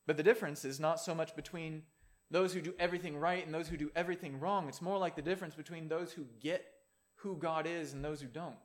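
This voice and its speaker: A man preaching a sermon in a conversational way, with playful asides. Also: fairly high pitch.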